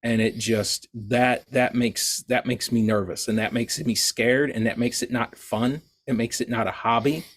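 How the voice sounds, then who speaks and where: A man talks casually as a podcast guest, his voice sitting at an ordinary middle pitch. He rambles through restarts and laughs at his own expense. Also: steady tone, normal speed, few pauses. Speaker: guest artist.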